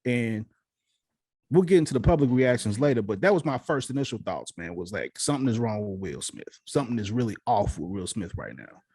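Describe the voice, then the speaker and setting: A man's voice: on the low side, big pitch swings, fairly quick, darkish tone, breathy edge, dry recording, studio quality. A man co-hosting a casual podcast chat, talking things through in a reflective, conversational way. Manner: reflective, conversational, repeats "so forth and so on". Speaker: podcast co-host.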